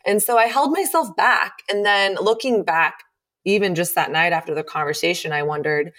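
A woman's voice: on the low side, lively intonation, moderate pace, fairly bright tone. A woman hosting an interview, talking candidly and chattily and laughing easily. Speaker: podcast host. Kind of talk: casual interview chat.

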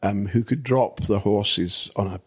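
An older man from Britain with a husky, somewhat low voice, recounting stories from his film work. He rambles as he goes and leans on "you know" to keep the thread. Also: measured pace. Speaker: actor guest. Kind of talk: anecdotal storytelling.

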